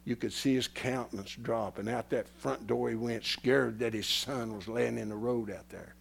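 A man's voice: medium pitch, steady tone, normal speed, gravelly, breathy edge. Guy preaching a sermon, folksy storyteller, goes from whispering to hollering, talks right at the crowd. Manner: swings from hushed whispers to loud impassioned preaching; folksy, addresses listeners directly.

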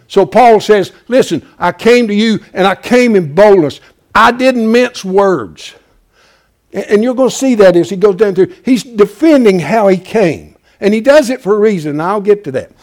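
A man preaching a fiery sermon in a high, lively voice that leaps up and down. He drives his points with loud, emphatic urging, then sinks to quiet pleading, and he scatters "bless God" through his talk. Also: moderate pace. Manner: repeats "bless God" as a filler.

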